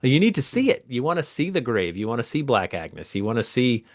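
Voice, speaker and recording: A middle-aged man, a guest author telling stories with animated energy in a casual interview. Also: medium pitch, brisk. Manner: lively, animated storyteller.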